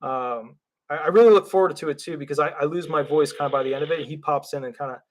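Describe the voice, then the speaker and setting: A man hosting a live call-in show as a disability attorney, talking in a rambling, excitable way with lots of fillers and restarts. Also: fairly high pitch, fast talker. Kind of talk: livestream call-in talk.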